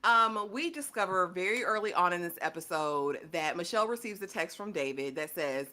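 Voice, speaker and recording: A woman's voice: on the low side, animated, a little fast, hardly any pauses, sharp tone. A woman co-hosting a casual reality TV recap, telling the story with sassy asides and playful quotes. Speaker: podcast co-host.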